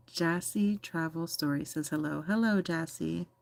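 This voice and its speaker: A woman's voice: low voice, unhurried, gravelly, no echo. An American woman hosting a casual livestream, reading chat messages aloud with teasing, giggly chatter. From United States. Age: adult.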